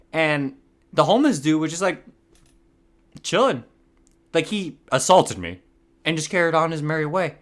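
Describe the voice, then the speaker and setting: With a mid-range, slightly bright voice, a young Hawaiian podcast host rambles through a casual story. He swears often, laughs at himself, and his voice occasionally cracks.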